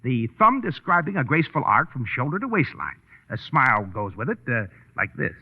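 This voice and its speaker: An actor playing a brash, wisecracking newspaperman in a 1930s radio drama, gruff and impatient. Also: mid-range voice, big pitch swings, brisk, noisy background. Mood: boastful. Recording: tinny old radio broadcast with reverb.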